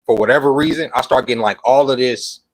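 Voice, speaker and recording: A man hosting a live stream chats loosely and fast, greeting viewers while sounding out of breath and phlegmy. His talk rambles with slang and restarts; his voice is medium-pitched, and the rough recording has no room sound.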